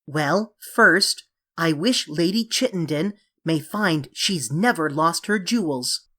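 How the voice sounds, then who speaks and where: A woman's voice: deep voice, lively intonation, takes it slowly, fairly bright tone, full character voice. A woman doing an eager, coaxing young girl. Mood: pleading. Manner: dramatic and pleading.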